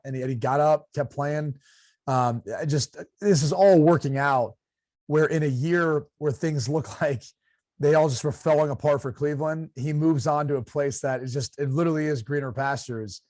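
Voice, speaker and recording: A man's voice: fairly high pitch, steady tone, moderate pace, darkish tone, no room sound, studio quality. A man from Ohio hosting a casual sports talk show, chatty and thinking aloud with fillers and repeats. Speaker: show host and former player.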